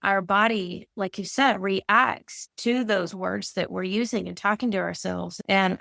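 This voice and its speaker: A woman's voice: medium pitch, steady tone, unhurried, vocal fry, few pauses, pushed and bright, no echo, studio quality. A woman who is a mindset coach, talking in an earnest, chatty, rambling way as a podcast guest. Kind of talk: casual conversation.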